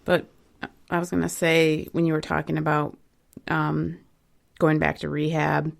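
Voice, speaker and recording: A woman's voice: deep voice, little pitch movement, measured pace, creaky. A woman hosting a casual recovery radio talk show, talking conversationally with frequent fillers.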